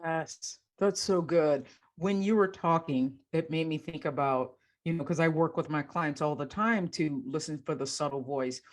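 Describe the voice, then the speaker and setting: A woman's voice: low-pitched, normal speed, hardly any pauses. A woman hosting a podcast as a coach, talking casually and affirming her guest often. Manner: warmly affirming, coaching tone, frequent agreement.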